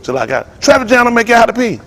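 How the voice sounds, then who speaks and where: A man preaching to a congregation in a joking, storytelling way, laughing and shouting often. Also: very high-pitched, very animated, racing. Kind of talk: comic sermon talk to a congregation.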